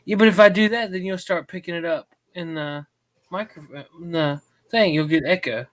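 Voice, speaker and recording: A man co-hosting a casual online chat, talking in a relaxed, conversational way. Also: on the high side, moderate pace.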